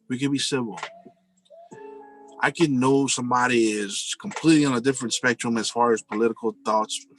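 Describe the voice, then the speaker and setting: A man's voice: lowish voice, fairly bright tone, slight background noise, rough recording. A married man telling personal stories in a casual, earnest, rambling monologue, often saying "you know" and calling his listeners "guys". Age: adult, married with a family.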